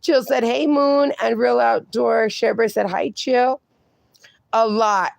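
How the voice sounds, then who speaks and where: A woman's voice: a little high, measured pace, creaky, darkish tone, no room sound. A woman hosting a casual livestream, reading viewer comments aloud and chatting, swearing freely. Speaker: livestream host reading chat.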